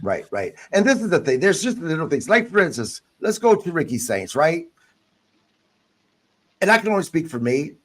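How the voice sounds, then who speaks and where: A male podcast host with a somewhat high voice that swings up and down a lot. He talks bluntly and swears freely in loose, casual chat. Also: sing-song, moderate pace, pauses often.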